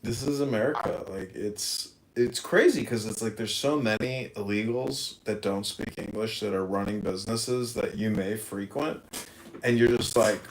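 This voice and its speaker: A man's voice: lowish voice, moderate pace, low-quality recording. A man hosts a comedy podcast and talks in a loose, casual way. He swears freely and goes off on crude riffs. He keeps breaking into laughter at his own jokes. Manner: crude, profane, cracks himself up. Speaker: podcast host.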